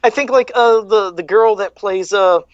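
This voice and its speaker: A man, co-hosting a casual livestream chat, talking quickly in rambling stories. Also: sits high, no echo, highs cut off. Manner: fast talker, rambling. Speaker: co-host.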